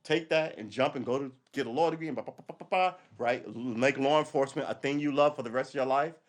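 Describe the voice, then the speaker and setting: A man's voice: mid-range voice, fast. Blunt, profane New man. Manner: blunt, profane, laughs often, restarts a lot. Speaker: livestream host, retired police officer. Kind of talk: casual livestream commentary.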